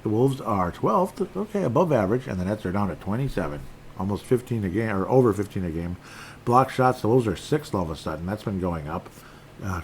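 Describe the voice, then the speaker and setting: Middle-aged guy w a lowish voice rambling about his team, grumbly asides, faint hum behind. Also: a little mellow. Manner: rambling, self-deprecating, frustrated asides. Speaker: podcast host. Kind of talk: casual sports talk.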